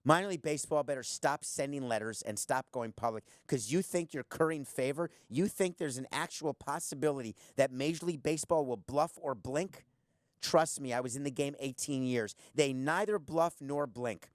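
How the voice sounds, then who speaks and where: A man hosting his own podcast, talking alone in a blunt, sarcastic way and piling up rhetorical questions. His voice sits at an ordinary middle pitch. The sound is dry and close, with no room around it. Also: normal speed, dry recording. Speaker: podcast host. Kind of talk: opinionated solo commentary.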